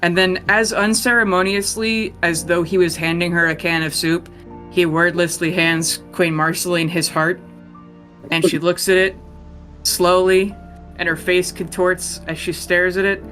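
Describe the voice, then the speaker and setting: A game master narrates a tabletop scene in a loose, chatty way, full of small fillers. The voice is bright and clear. Faint music runs underneath. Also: mid-range voice, level tone, a little slow. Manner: casual storytelling with fillers and laughs.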